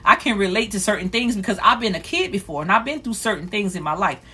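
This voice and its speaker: Fast-talking woman telling a raw personal story. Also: medium pitch, lively intonation, pushed and bright, husky. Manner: rapid, repetitive, raw and earnest. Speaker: livestream host. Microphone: phone.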